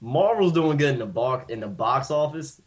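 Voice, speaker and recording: Man, average pitch, casual chat, hesitant, forgets names. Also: expressive, normal speed. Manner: hesitant, loses track of names.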